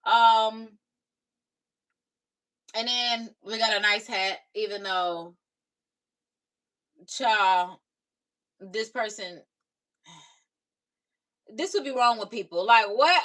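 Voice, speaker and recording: Sassy and casual, this young streamer answers back to comments from her viewers. Her raspy voice sits on the high side and sounds a bit bright, and she goes slowly, pausing often.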